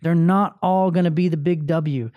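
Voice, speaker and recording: A man's voice: on the high side, fairly even intonation, moderate pace, smooth, no echo, muffled recording. Blunt, profane man venting on his podcast. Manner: blunt, profane, emotionally open. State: angry, having a bad day. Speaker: podcast host. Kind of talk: solo motivational podcast monologue.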